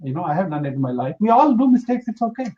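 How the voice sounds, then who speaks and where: Earnest high-voiced man giving advice. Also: very animated, quick pace, dull audio. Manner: earnest, emphatic, repeats for emphasis. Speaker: interview guest, entrepreneur. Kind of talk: motivational interview talk.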